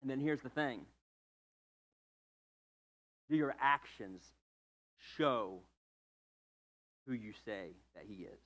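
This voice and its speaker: A man's voice: mid-range voice, expressive, takes it slowly, long pauses, a bit bright. A man preaching a casual, humorous sermon with playful asides. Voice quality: playful, joking asides, fillers. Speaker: pastor.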